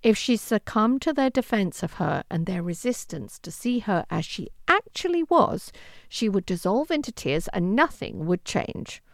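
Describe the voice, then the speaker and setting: Expressive woman narrating an audiobook. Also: medium pitch, a little slow, creaky, dry recording, clean studio sound. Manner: expressive, with lively intonation. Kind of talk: scripted narration of a historical romance.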